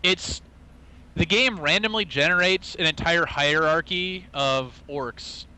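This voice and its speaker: A man's voice: a little high, slow, sharp tone, clear, resonant tone, poor audio. A young man co-hosting a casual gaming podcast, talking enthusiastically and rambling with lots of "like.". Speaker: podcast co-host. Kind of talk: casual chat.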